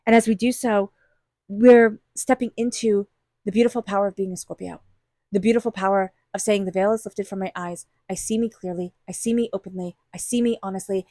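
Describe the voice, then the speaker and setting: A woman's voice: mid-range voice, steady tone, brisk, warm tone, no echo, studio quality. A woman giving an intuitive tarot reading, talking straight to the listener in an earnest, encouraging way. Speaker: tarot reader.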